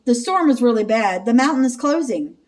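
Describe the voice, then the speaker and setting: A woman's voice: a little high, lively intonation, fairly quick, darkish tone, close to an everyday voice. A woman reading a storybook aloud and voicing a friendly, cheerful young woman.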